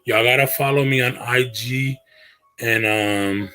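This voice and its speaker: A man's voice: medium pitch, steady tone, unhurried, pushed and bright, soft background music, rough recording. A man hosting a casual livestream from his bedroom, talking to viewers in slangy, earnest speech that often trails off and restarts. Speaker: livestream host.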